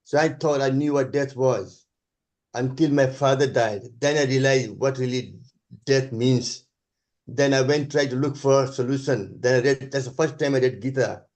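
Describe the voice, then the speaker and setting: A man with a Scottish accent giving an earnest, halting spiritual talk over a video call. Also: mid-range voice, a little mellow. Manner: earnest, halting, restarts sentences. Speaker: guest speaker.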